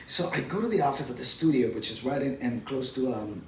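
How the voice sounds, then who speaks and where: A man telling an animated anecdote as an interview guest, acting out other people's lines. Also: medium pitch, brisk, slight background noise. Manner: lively storyteller who acts out other people's lines, with frequent fillers. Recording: roomy sound from a distant mic.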